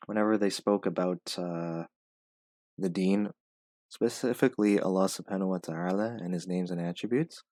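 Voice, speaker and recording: A man's voice: low-pitched, darkish tone, dry recording. A man reading a passage aloud as an English pronunciation teacher, stopping to repeat words and explain how to say them.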